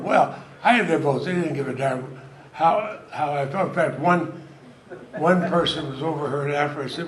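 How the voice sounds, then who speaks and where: A man's voice: fairly high pitch, moderate pace. An older man, giving a folksy, anecdotal speech at a party event and chuckling through his stories. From Vermont, US. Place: event hall. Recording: echoey hall with crowd noise.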